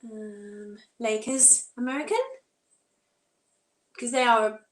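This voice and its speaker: A woman's voice: a little high, fairly even intonation, slow. Young woman, casual chatty home vlogger, picked up from across a roomy space. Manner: chatty, chats while doing housework, often breaks off to her toddler. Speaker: live-streaming mum vlogger. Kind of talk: casual live-stream chat. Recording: roomy, mic at a distance.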